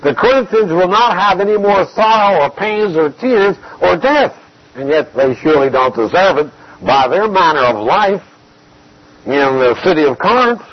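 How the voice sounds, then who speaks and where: A man giving an expository Bible teaching, measured and emphatic, repeating key phrases to drive points home. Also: high voice, lively intonation, muffled recording.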